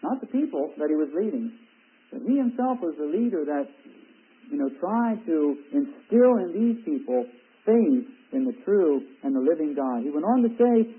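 A man teaching a Bible sermon in an earnest way, rising in pitch for emphasis. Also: sing-song, moderate pace. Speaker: preacher. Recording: tinny phone-like radio broadcast.

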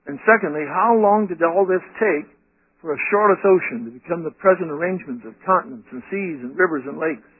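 Husky preacher man on tinny radio. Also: a little high, no room sound. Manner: animated, rhetorical questions to the audience. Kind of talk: sermon.

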